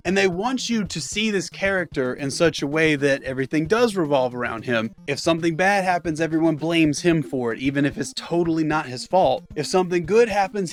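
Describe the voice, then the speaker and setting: A man ranting through a sarcastic, profane comedic anime review, exasperated. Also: a little high. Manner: acts out characters in mocking voices.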